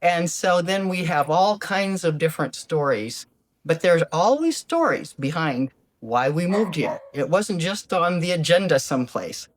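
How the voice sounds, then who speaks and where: An older woman talks alone as a life coach, her low voice swinging widely in pitch. She is gentle and animated, and often slips into little acted-out quotes of questions people ask. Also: measured pace. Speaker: podcast host, life coach. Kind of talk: reflective solo talk. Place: lives abroad in Ecuador.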